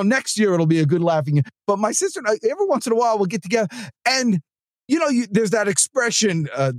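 A man hosting a sales podcast, talking in an energetic, rambling, chatty way with asides to his producer. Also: sits high, dry recording, studio quality. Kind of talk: casual motivational monologue. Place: studio.

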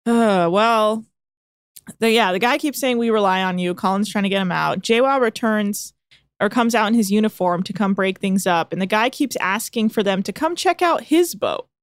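A woman talks through a reality show recap in a loose, sarcastic podcast chat. She leans on filler words and quick asides. The sound is dry and close. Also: mid-range voice, expressive, smooth, dry recording. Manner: chatty, sarcastic, lots of "like". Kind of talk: casual chat.

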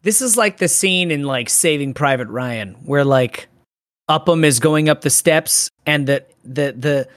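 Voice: mid-range voice, measured pace, fairly bright tone, no room sound, clean studio sound. A co-host in casual film talk, exasperated and swearing while mimicking characters.

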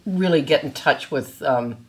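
A woman's voice: low voice, unhurried. An older woman from Canada, an actress being interviewed, talking casually and chattily and poking fun at herself. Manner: self-deprecating, chatty. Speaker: guest, actress.

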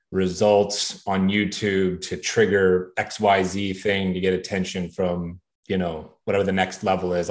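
A man with a very deep voice co-hosts a podcast interview. He asks long, probing questions in a relaxed, conversational way. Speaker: podcast co-host.

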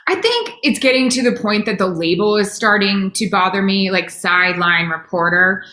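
A middle-aged woman who works as a sideline reporter, telling animated, self-deprecating stories in a casual interview, talking in quick bursts with restarts. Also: mid-range voice. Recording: roomy echo.

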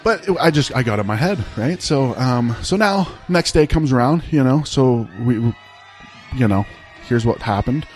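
A man's voice: mid-range voice, lively intonation, moderate pace, faint music behind. A man telling a personal story in a casual, rambling way, full of "like" and "right?". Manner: rambling, laid-back, peppered with "like" and "right?".

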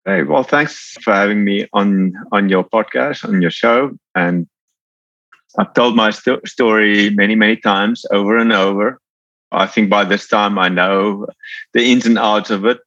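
A man from South Africa with a South African accent, telling his life story as a podcast guest in a relaxed, rambling way. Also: on the low side, unhurried, no echo, lo-fi sound. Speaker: podcast guest, Paralympic athlete. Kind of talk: casual storytelling.

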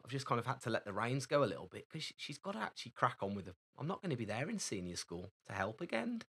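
A man's voice: medium pitch, very animated, fast talker, fairly bright tone, breathy edge. A man, co-hosting a podcast in easygoing casual chat. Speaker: podcast co-host.

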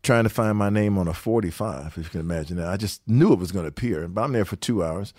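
An older man with a low voice tells stories from his music career in an interview. He is lively and acts out what other people said, laughing often. The sound is dry and close. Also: fast, no room sound. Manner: animated storyteller who acts out quotes and laughs often. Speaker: guest musician, guitarist and songwriter. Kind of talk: storytelling interview anecdotes.

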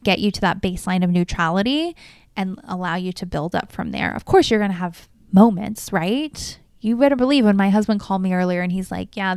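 A woman in her thirties, a life coach, talking casually and candidly, animated and swearing now and then. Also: mid-range voice, clear, resonant tone, no echo, studio quality. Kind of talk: casual podcast monologue.

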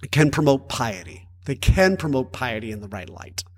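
A man who is a Catholic priest and podcast co-host, talking in a chatty, animated way with frequent stammered restarts. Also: medium pitch, moderate pace. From United States. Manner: chatty, animated, prone to playful put-on voices and stammered restarts. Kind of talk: casual podcast chat. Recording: room with long reverb.

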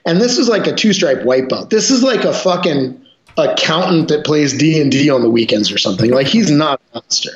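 A man, a martial arts instructor and podcast guest, telling gym stories in a profane, animated way. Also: a little high, fairly quick. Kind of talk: casual podcast chat. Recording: roomy, dull lo-fi sound.

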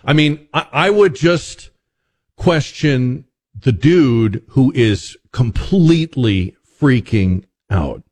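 A man's voice: mid-range voice, takes it slowly. A man hosting a talk radio show, joking wryly with a lot of restarts. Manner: wry, joking, animated with many restarts.

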